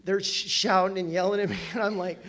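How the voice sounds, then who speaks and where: An older man from Southern California gives a personal storytelling talk at a recovery meeting, animated and self-mocking, and laughs often. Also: high voice, a little fast. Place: meeting hall with audience.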